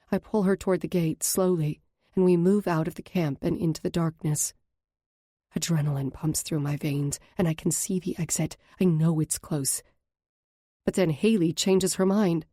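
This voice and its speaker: A woman narrating a romance audiobook in the first person with steady, earnest storytelling. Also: lowish voice, no echo, clean studio sound.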